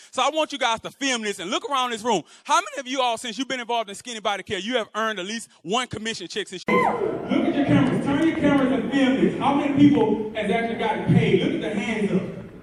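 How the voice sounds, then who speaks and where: A man's voice: extremely high pitch, fairly bright tone. A man from Houston giving a motivational stage speech, rallying the crowd and leading call-and-response chants in a large event room. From Houston, Texas. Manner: fired-up, rallying the crowd, repeats phrases. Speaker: motivational speaker. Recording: long hall reverb with a crowd.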